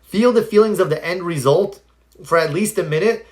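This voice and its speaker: This live streamer has a high voice and talks at a normal speed. He tells stories with earnest animation, offers motivational advice, and breaks off at times to respond directly to his viewers' comments.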